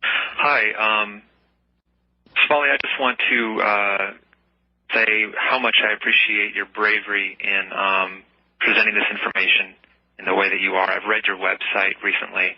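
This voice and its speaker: A man calls in to a radio show, speaking low and flat with hesitant fillers. His line sounds muffled and dry. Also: a little slow, no room sound. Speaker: caller. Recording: muffled dry phone audio.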